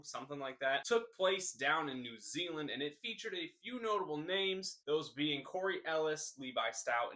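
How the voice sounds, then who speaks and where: A young man hosts a scripted news recap, slipping deadpan jokes between the items. His voice is bright and sits a little high, and his delivery is casual and comic. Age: young adult. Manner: deadpan jokey delivery, rambling tall tale. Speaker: host.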